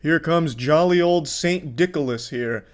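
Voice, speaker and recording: A man's voice: a little high, a little slow, slight background noise. A man giving sarcastic, profane commentary while reacting to clips. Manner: profane, mocking.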